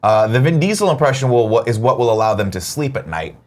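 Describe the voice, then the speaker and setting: A man's voice: mid-range voice, expressive, fast talker. A man co-hosting a casual comedy morning show, joking and sarcastic and swearing freely.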